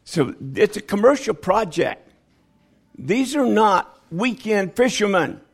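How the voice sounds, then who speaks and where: A man preaching a sermon, dropping low and quiet, then rising into loud, high pleading as he acts out the voices of people in the story. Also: sing-song, slow pace, gravelly, slightly rough.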